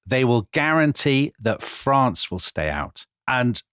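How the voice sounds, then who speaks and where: A man retells history in an animated, conversational way, as a podcast co-host. His pitch sits in the middle of the male range. The sound is dry and close. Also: slow, clean tone, no room sound. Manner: vivid, dramatic retelling with quoted voices. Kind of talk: animated storytelling chat.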